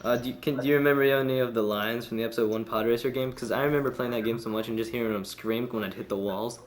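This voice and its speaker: A man's voice: medium pitch, fairly even intonation, racing, slight background noise. A man hosting a podcast interview over a video call, asking questions in a hesitant way with many fillers. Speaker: podcast host.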